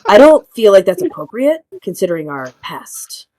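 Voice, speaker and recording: A woman's voice: mid-range voice, sing-song, normal speed, mellow, no room sound, close to an everyday voice. Woman doing a paranoid, theatrical kid; dry close mic. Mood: suspicious. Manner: theatrical, mock-serious. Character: suspicious, dramatic young boy who sees enemies everywhere.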